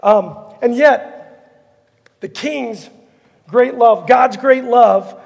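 A man's voice: extremely high pitch, drawn-out words, gravelly, a little mellow, slightly rough, long reverb tail. A man preaching a sermon as pastor, telling a story animatedly and acting out the characters. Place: church sanctuary.

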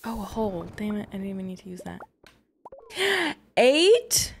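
A woman's voice: mid-range voice, fairly even intonation, very fast, vocal fry, dark tone, a little hiss or hum. A woman giving casual let's-play commentary, chatty and self-deprecating, with frequent exclamations. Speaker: gaming YouTuber. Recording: faint background game music.

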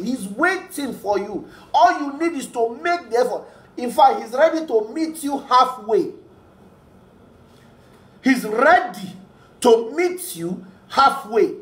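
A man's voice: high voice, a bit bright, roomy sound. A man preaching a sermon, earnest and repeating key phrases for emphasis.

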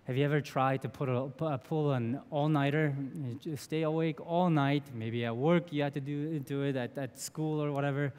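A man's voice: on the high side, steady tone, moderate pace, few pauses, darkish tone, clean tone. A man in his thirties preaching a sermon in an earnest, conversational way, with small restarts. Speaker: pastor. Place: church sanctuary. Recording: long church reverb.

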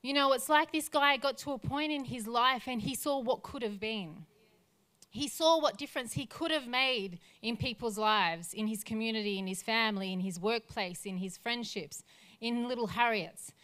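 Smooth, earnest woman pastor preaching. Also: a little high, moderate pace, fairly bright tone. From Australia. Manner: earnest, building lists toward a rousing close. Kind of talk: sermon.

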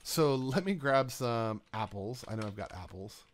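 Male let's-play host, mid-pitched, talks to himself while building, keyboard clicks behind. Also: lively intonation, normal speed, a little hiss or hum. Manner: talks to himself and game items, rambling. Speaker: gaming YouTuber. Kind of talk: casual let's-play commentary.

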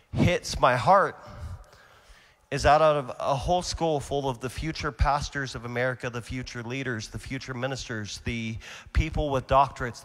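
A man preaching a sermon at a conference, telling stories with a voice that swings from quiet to shouting. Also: mid-range voice, big-room sound.

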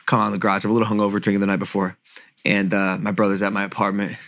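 A man's voice: on the low side, level tone, very fast, fairly bright tone. A young man in casual podcast chat, spinning a long personal story. He swears freely and lands his points with emphasis. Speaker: podcast host.

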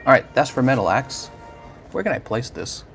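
A man's voice: medium pitch, very animated, moderate pace, creaky, fairly bright tone, soft background music. A man hosting a livestream, chatting casually and playfully while opening trading card packs and teasing viewers by name.

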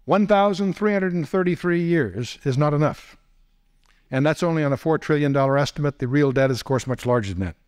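A man's voice: a little high, lively intonation, a little fast, darkish tone, clear, resonant tone. A man giving a teaching lecture as a Bible teacher, posing rhetorical questions and dropping wry asides. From United States.

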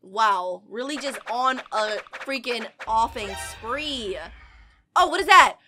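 A woman giving excitable, chatty reaction commentary while watching an animation. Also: fairly high pitch, slow pace, over music. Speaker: reaction video host.

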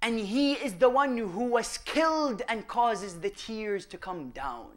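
A man giving a religious lecture, firing rhetorical questions at the audience and swinging between loud emphasis and hushed asides. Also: high voice, expressive, takes it slowly. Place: mosque or Islamic center hall.

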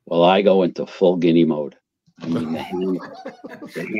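An older New man with a low voice tells stories in a blunt, salty way. He sounds mellow and dry, close to the mic. The recording is dull and lo-fi. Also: normal speed, dry recording. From Queens, New York. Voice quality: blunt, profane, animated storyteller. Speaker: retired fire captain, guest. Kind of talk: casual storytelling interview.

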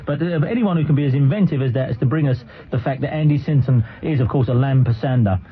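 A man co-hosting a comic talk radio show in a studio, exuberant and quick to laugh loudly. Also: medium pitch. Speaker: radio co-host. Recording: narrow lo-fi archive radio broadcast.

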